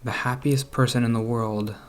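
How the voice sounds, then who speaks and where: A man hosting a let's play, musing aloud in a rambling, self-deprecating way with soft laughs. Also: medium pitch, fairly even intonation, normal speed, faint music behind. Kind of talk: casual commentary while gaming.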